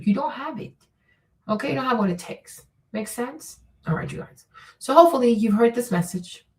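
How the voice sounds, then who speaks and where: A woman with a fairly high voice, recorded from a distance, hosts a casual vlog. She gives blunt opinions emphatically, swears a lot, and keeps repeating "okay?" and "right?".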